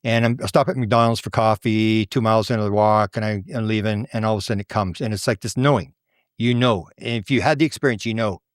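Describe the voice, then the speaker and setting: Older man, from Canada, rapid storyteller, mid pitch, dry close sound, animated quoting. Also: dry recording. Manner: acts out quoted people with big jumps in pitch. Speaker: guest researcher and author.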